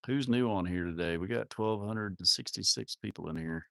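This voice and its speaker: Reading comments on his cattle farm livestream, the host rambles and cracks crude, self-mocking jokes. He speaks at a normal speed with few pauses, in a creaky, somewhat low, slightly bright voice; the studio-quality sound has no echo.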